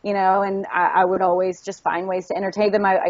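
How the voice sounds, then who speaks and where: A woman's voice: medium pitch, fast, no room sound. Woman with a faint Southern lilt. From Tennessee. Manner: animated storyteller, acts out quotes. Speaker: actress, interview guest. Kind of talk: casual interview chat. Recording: dull lo-fi audio.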